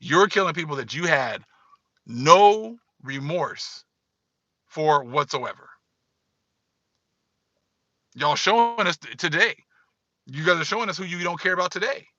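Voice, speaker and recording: A man's voice: fairly high pitch, sharp tone, dry recording, muffled recording. A man giving casual livestream commentary, emphatic and repetitive, talking straight to his viewers. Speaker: online commentator.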